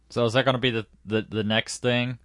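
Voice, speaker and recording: A man's voice: mid-range voice, a bit bright, dry recording, studio quality. A man in casual chat, asking joking, pun-filled questions.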